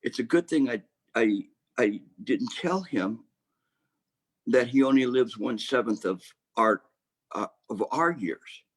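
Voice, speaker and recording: A man voicing a dog's owner, a calm man who answers in a dry, matter-of-fact way. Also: medium pitch, slow pace, breathy edge.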